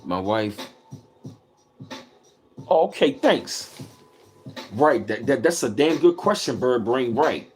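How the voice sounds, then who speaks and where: Emphatic man with a lively voice. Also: mid-range voice, takes it slowly, pauses often. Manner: emphatic, repetitive, profane, addresses chat. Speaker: livestream host reading chat. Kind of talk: casual livestream talk.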